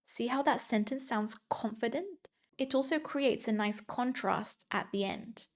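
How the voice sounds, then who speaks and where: A woman with a slightly high voice leads a scripted grammar lesson for exam students. She talks in a clear, measured way and slows down whenever she reads an example sentence aloud. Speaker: English exam teacher.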